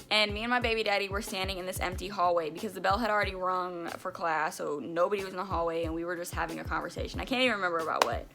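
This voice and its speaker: A young woman tells a personal story to her camera in an animated, emphatic way, dropping casual swear words as she goes. Her voice has a bright, sharp edge, and faint music plays underneath. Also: medium pitch. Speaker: vlogger. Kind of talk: storytime vlog.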